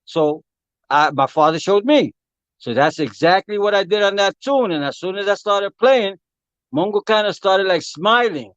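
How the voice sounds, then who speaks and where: High-voiced man telling a story. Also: normal speed, no room sound, muffled recording. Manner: animated, acts out quotes of others. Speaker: guest musician. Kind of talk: casual storytelling.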